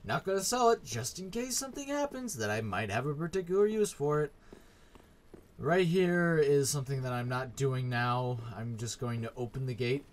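A man's voice: medium pitch, animated, moderate pace. A young man commentating his own gameplay, swearing and sarcastic as he rants at enemies. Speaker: gaming YouTuber.

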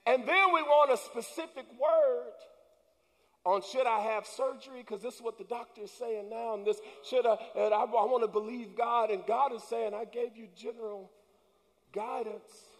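A male pastor preaching a sermon, building to shouted emphasis and calling out to the congregation. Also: very high voice, steady tone, moderate pace, long reverb tail. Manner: preaching with rising, shouted emphasis and call-and-response. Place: church sanctuary.

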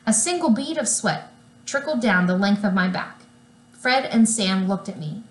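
A woman reading a children's chapter book aloud in an unhurried, lively storytelling manner. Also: mid-range voice, reverberant. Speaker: reader.

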